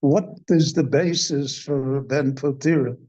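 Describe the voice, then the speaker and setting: An older man, a rabbi, giving a slow, deliberate Torah class in a synagogue, posing questions and then answering them. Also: mid-range voice, steady tone, darkish tone, muffled recording. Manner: measured teaching, poses questions and answers them.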